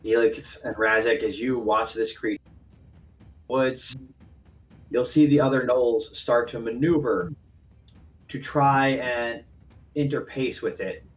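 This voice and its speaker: Man game master narrating, slow pace, muffled lo-fi sound, faint background music. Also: mid-range voice, distant mic. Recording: dull lo-fi recording with faint music.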